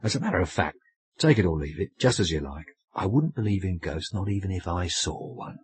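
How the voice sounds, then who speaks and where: A man's voice: low voice, sing-song, a little fast, a little mellow, slightly rough, dry recording, exaggerated voice. Man doing a bluff awkward young sailor. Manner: fumbling, colloquial, hesitant. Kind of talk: audiobook character voice.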